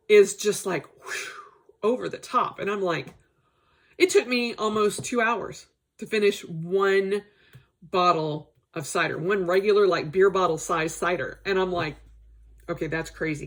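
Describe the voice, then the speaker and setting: A woman's voice: mid-range voice, fairly bright tone. A middle-aged woman in a casual personal vlog, chatting and rambling with asides while she recovers from a stomach bug. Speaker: vlogger.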